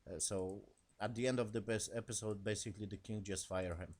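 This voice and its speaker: A man giving a casual spoken review of a TV episode in non-native English, rambling and profane, animated as he retells scenes. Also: lowish voice, fairly quick.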